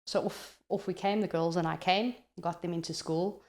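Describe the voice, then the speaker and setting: A South African woman, appearing as a podcast guest, tells a personal story in an animated, chatty way, using "like" as a filler a lot. Her voice sits on the low side at a moderate pace, and the sound is roomy.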